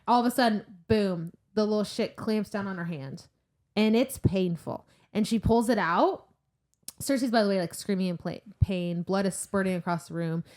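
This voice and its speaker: A woman's voice: medium pitch, moderate pace, a little mellow. Young woman, podcast co-host, casual book chat, plot recap full of "like" and laughs. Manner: retells the plot in a chatty, laughing way with lots of "like".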